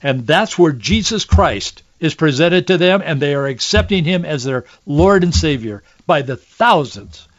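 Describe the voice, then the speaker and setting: A man's voice: on the high side, lively intonation, measured pace, few pauses, muffled recording. An older man hosting a faith and politics talk show, speaking earnestly and with emotion. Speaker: radio show host.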